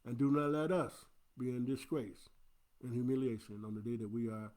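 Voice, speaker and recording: A man's voice: medium pitch, fairly even intonation, moderate pace, darkish tone. A man, an imam, giving an earnest, instructive Friday sermon into a livestream camera.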